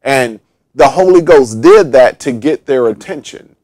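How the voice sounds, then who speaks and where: A man's voice: medium pitch, animated, a little slow, a little mellow, no echo. Emphatic male Bible teacher, dry sound. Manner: repetitive, emphatic preaching with fillers. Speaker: pastor. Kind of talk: Bible study sermon.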